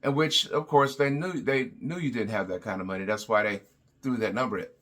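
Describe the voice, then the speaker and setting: A car salesman with a mid-range, fairly bright voice talks a little fast in an advice vlog, walking through car-buying tips. He's plain-spoken, repeats his words, and leans on plenty of fillers.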